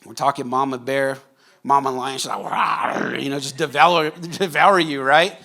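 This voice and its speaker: A man's voice: medium pitch, fairly even intonation, moderate pace, sharp tone. A man, a pastor preaching a sermon to his congregation in a church, talking casually and joking with the room. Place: church sanctuary.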